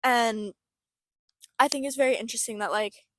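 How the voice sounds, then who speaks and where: A woman's voice: on the high side, moderate pace, fairly bright tone, a little hiss or hum. A young woman co-hosting a casual chat, reflective and full of "like" fillers. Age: young adult. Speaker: podcast co-host.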